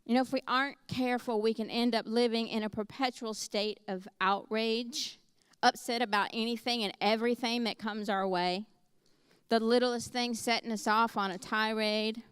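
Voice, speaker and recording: A middle-aged woman delivers a conversational sermon, slipping easily into storytelling. Her voice sits a little high and sounds smooth and clear. The sound is dry, with almost no room echo. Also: steady tone, moderate pace. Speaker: preacher.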